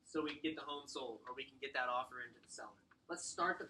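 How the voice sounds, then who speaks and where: A man's voice: medium pitch, fast, sharp tone, slight background noise. A man leading a sales training workshop, coaching the group in a direct, upbeat way. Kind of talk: workshop teaching.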